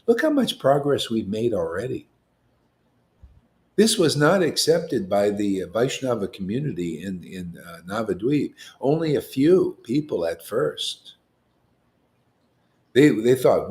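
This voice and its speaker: A man of ordinary pitch gives an informal devotional talk as a spiritual teacher. He speaks colloquially and keeps turning to rhetorical questions. His voice climbs when he drives a point home. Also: sing-song, measured pace, a little mellow.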